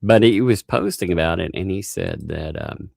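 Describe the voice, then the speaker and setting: Male stream host, sarcastic and prone to laughter, rough low voice with lively pitch. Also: normal speed, a crowd in the background. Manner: mocking, laughs often, mimics people in high voices. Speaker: channel host. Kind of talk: casual live-stream chat.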